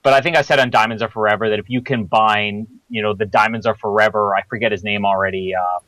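A man's voice: fairly low pitch, fairly even intonation, fast, a bit bright, no room sound, low-quality recording. A man co-hosting a podcast, chatting casually about a film and joking as he acts out bits of dialogue. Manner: chatty, jokey, acts out lines in put-on voices. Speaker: podcast co-host.

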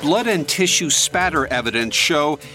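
A man giving measured, dramatic scripted narration for a crime documentary. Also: fairly high pitch, expressive. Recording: music bed under the voice.

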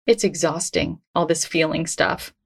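A woman hosting a self-help podcast, talking in a gentle, reassuring, conversational way. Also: deep voice, unhurried, creaky. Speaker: podcast host.

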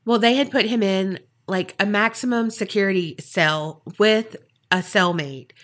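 A woman's voice: medium pitch, unhurried, a bit bright. A woman podcast host telling a story in a chatty, casual way with wry asides.

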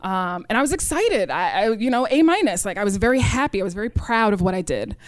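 A woman's voice: mid-range voice, lively intonation, quick pace, dry recording. New York woman storyteller, earnest, dry and close sound. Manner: earnest, frequent "right?" and "you know". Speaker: storyteller, chemistry teacher. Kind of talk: live personal story. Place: stage at a live story event.

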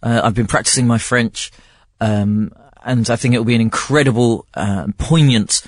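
A man's voice: medium pitch, moderate pace, no room sound, studio quality. A man co-hosting a casual sports podcast, joking and hesitant, full of fillers. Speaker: podcast co-host.

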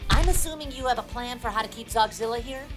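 A woman's voice: fairly high pitch, fast, close to an everyday voice. A woman voicing a cheerful, earnest alien boy in a kids' audio drama, over faint music. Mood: cheery. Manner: cheery, earnest, literal-minded. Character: cheerful goofy alien boy from another planet.

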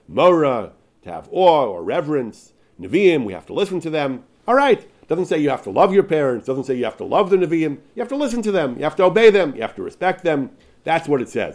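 A man giving a Torah class, reading out passages and then explaining them. His pitch swings widely, rising sharply on key points. He stumbles and restarts often but keeps an emphatic, driving delivery. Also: a little mellow. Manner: emphatic, with many restarts and repeated words. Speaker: Torah teacher.

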